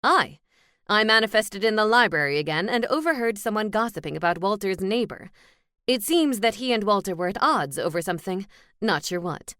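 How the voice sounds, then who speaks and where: Chatty helpful male ghost, read by a woman, earnest, mid-pitched. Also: expressive, a little fast, fairly bright tone, no echo, clean studio sound, lightly acted. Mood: eager.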